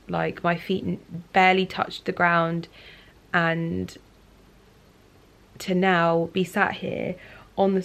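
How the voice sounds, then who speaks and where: A woman in her thirties speaks in a casual, reflective vlog from her living room sofa late at night. Her voice sits low with a gravelly fry, and she talks softly and confidingly, leaning on "like" as she thinks aloud. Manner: soft, confiding, many "like" fillers. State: emotional, near tears. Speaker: lifestyle vlogger.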